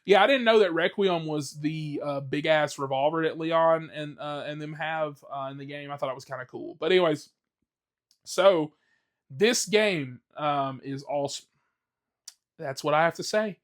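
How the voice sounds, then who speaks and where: A man's voice: fairly high pitch, normal speed. A man hosting his own podcast, talking casually in a blunt, profane, ranting way with lots of fillers. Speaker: podcast host. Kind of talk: casual solo podcast rant.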